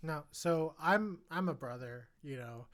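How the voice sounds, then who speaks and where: A man co-hosting a podcast, reviewing a film in casual chat, animated and earnest, quoting characters' thoughts as he talks. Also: fairly high pitch. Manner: animated, acts out characters' thoughts in quick quotes; emotional and earnest about the film. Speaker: podcast co-host.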